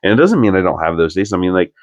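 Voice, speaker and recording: A man's voice: low-pitched, sing-song, very fast, no room sound, dull audio. A young man, a podcast co-host, telling a personal story in an earnest, rambling way full of "like" fillers.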